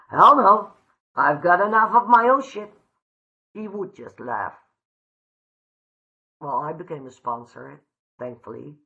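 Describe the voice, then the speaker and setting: A woman from the Netherlands gives a personal recovery share in a slow, gravelly, bright voice. She is heartfelt and blunt and swears freely. The recording is dull and lo-fi. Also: deep voice. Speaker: recovery meeting speaker.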